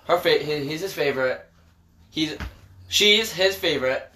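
A man's voice: a little high, animated, unhurried, background noise. A young man, the son, teasing and complaining in sarcastic casual banter.

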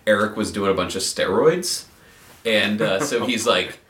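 A man's voice: lowish voice, unhurried, long pauses, echoey room, slight background noise. A man in a band who also does stand-up, telling stories in casual chat, laughing and acting out the people in them. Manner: animated, laughing storyteller doing voices. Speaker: band member and stand-up comic. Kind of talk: casual storytelling.

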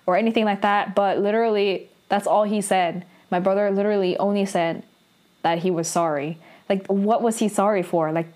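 A woman's voice: mid-range voice, fairly even intonation, fairly quick, darkish tone. A young adult woman giving a casual, chatty recap of a drama episode, laughing often and filling her talk with "like" and "you know".

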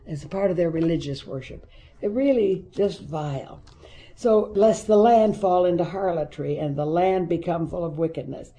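A Bible teacher with a deeply mellow, dark tone, leading a Bible study. The speaker reads scripture steadily, then stops to add emphatic, conversational remarks. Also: rough recording.

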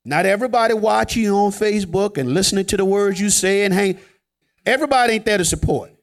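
A man preaching a sermon in a joking, conversational way, swinging from loud emphasis to hushed asides. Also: high voice, fast talker.

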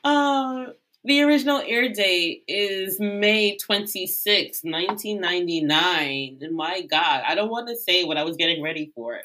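This is a woman in her thirties co-hosting a relaxed podcast. She speaks at an everyday pitch, cracks jokes, and sometimes breaks into song mid-conversation. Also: unhurried, hardly any pauses. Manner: joking, playful, bursts into song. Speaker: podcast co-host. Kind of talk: casual chat.

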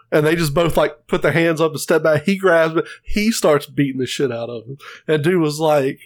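A man with a voice on the high side co-hosts a casual podcast at normal speed, swearing freely while he retells stories and acts out the quotes in different voices. The recording is dry, with clean studio sound.

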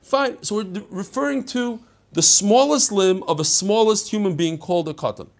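A man's voice: high-pitched, moderate pace, gravelly. An older man teaching a daily Talmud class, chatty and digressive, mixing Hebrew and Yiddish terms into his talk. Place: study hall.

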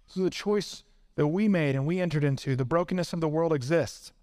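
A man's voice: on the high side, a little fast, darkish tone. A man preaching a sermon as pastor, earnest and impassioned, building up through long lists.

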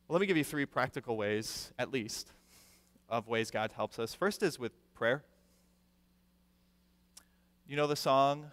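A male pastor preaching a sermon with animated delivery, acting out the people he quotes and repeating words for emphasis. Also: mid-range voice, a little slow, long pauses. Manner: animated, acts out quoted voices; repeats words when stressing a point. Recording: long reverb of a large hall.

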